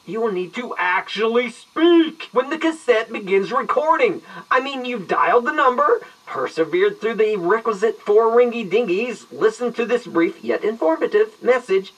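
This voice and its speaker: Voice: medium pitch, a bit bright, far from the mic, rough recording. An actor doing a pompous, long-winded retired detective. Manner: long-winded, verbose and mock-grand. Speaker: detective on an answering machine greeting. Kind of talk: audio drama acting.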